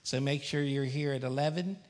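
A man's voice: mid-range voice, a little fast, a little mellow. A male pastor leading a church service, affirming with frequent amens and reading scripture. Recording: reverberant church sanctuary.

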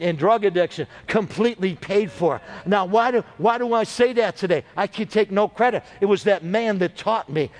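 A man with a notably high voice preaches a sermon as pastor, weaving long anecdotes together. He keeps turning to the congregation with calls for an amen, and his delivery is loose and conversational. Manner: storytelling preacher with call-and-response.

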